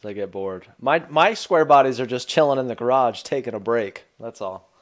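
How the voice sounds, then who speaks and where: A man's voice: mid-range voice, expressive, moderate pace. A man hosting a casual chat, teasing his guest and laughing often. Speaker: host.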